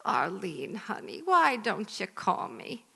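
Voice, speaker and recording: Sketch role: woman playing a bright-voiced nagging mother, hall reverb. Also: medium pitch, huge pitch swings, vocal fry, husky, exaggerated voice. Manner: plaintive, guilt-tripping, drawn-out pleading. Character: nagging guilt-tripping older mother, woman. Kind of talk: live comedy sketch.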